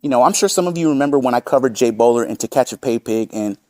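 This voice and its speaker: Talking fast and animated, this man hosts a commentary channel, quoting chat messages aloud to ridicule them with plenty of profanity and a combative edge. His voice is mid-range and darkish, with no room sound.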